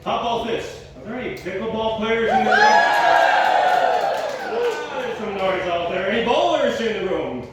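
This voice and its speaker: A man emceeing a talent show, polling the crowd and telling a long joke in a folksy, playful, drawn-out way. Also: sits high, huge pitch swings, heavy background noise. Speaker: master of ceremonies. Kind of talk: stage joke storytelling. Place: large hall at a talent show. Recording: echoey hall from far off.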